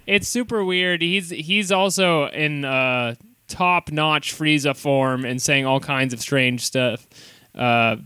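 A man co-hosting a podcast, recapping an episode in a jokey, casual way with quick asides and frequent laughs. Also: on the high side, sharp tone, smooth. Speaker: podcast co-host. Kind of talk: casual comedic recap chat.

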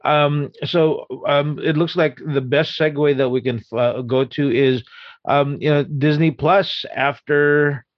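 A man co-hosting a casual podcast, talking haltingly with many ums and uhs. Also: fairly high pitch, fairly even intonation, no room sound, dull audio. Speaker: podcast co-host. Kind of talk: casual chat.

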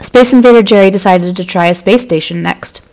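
A woman narrates a bedtime-style children's story as host of her podcast. She speaks to young listeners in a lively, friendly manner. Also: mid-range voice, fairly quick, rough recording.

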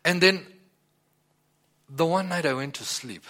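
A man giving a personal testimony in a rambling, halting way, often repeating "you know" and "like that.". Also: fairly high pitch, bright, forceful tone. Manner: halting, many restarts and fillers. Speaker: church member giving testimony.

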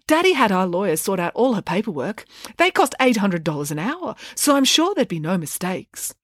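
A woman reading an audiobook voices a desperate, posh teenage girl with a high, breathless, pleading delivery. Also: big pitch swings, normal speed, no room sound, clean studio sound. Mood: frantic.

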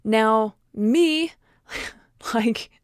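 A woman with a smooth voice on the high side speaks extremely slowly to camera, in a clean studio recording with no echo. She's chatty, frank and personal, full of fillers and restarts, and laughs at herself.

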